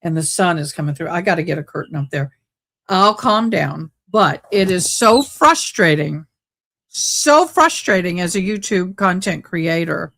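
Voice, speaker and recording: A woman's voice: on the low side, fairly bright tone. A woman hosting a casual livestream, talking in agitated, ranting bursts. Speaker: YouTube livestream host. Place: home room with sunlight through window. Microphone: desk mic close by.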